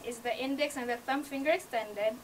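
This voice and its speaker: A woman's voice: fairly high pitch, brisk, far from the mic, a little hiss or hum, low-quality recording. A woman from Hawaii with a Hawaii accent giving a classroom speech that teaches sign language basics, guiding her audience step by step in slightly non-native phrasing. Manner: encouraging, leads the audience through each step; non-native phrasing, small grammar slips. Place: university media room. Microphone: camcorder from across the room.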